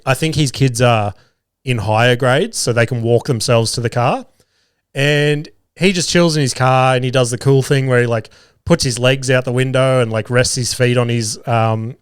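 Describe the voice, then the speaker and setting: A man in his thirties with an Australian accent, hosting a podcast and telling everyday stories in a casual, animated way, swearing freely and laughing at himself. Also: mid-range voice, clean tone, no echo, studio quality. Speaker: podcast host. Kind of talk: casual storytelling monologue.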